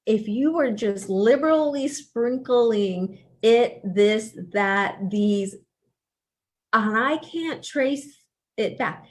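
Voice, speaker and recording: Slow-talking woman professor, conversational. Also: medium pitch, a little mellow. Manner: conversational, with frequent fillers and restarts; emphatic, coaching tone. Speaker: professor leading a writing workshop. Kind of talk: casual lecture.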